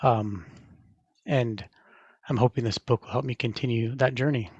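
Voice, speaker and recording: A man's voice: mid-range voice, normal speed, a little mellow, slightly rough, no echo, muffled recording. Earnest, reflective man as podcast guest. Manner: earnest, reflective, laughs easily. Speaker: podcast guest, navy veteran. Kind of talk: casual interview chat.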